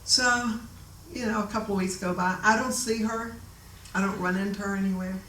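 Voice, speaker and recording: Lively woman storyteller in an echoey room. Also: medium pitch, normal speed, a little hiss or hum. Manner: animated, laughs often, acts out voices in quotes. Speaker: author telling her story. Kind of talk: casual storytelling. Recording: echoey room, voice a bit distant.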